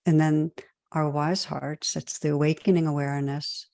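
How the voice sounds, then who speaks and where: A woman giving a dharma talk as a meditation teacher, gentle and reflective, often using "you know" and soft restarts. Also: low-pitched, level tone, normal speed, dry recording, studio quality.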